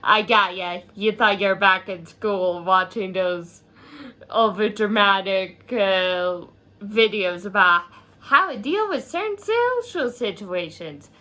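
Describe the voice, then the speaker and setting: A woman's voice: mid-range voice, lively intonation, slow, pushed and bright. A woman presenting a school skit in a playful, jokey, chatty way. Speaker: student presenter.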